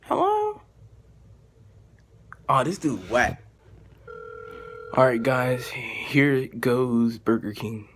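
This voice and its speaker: A man's voice: mid-range voice, fairly even intonation, slow, long pauses, a bit bright, a little hiss or hum. A man making prank calls and chatting to his viewers in a slangy, laid-back drawl. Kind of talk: casual prank-call vlog.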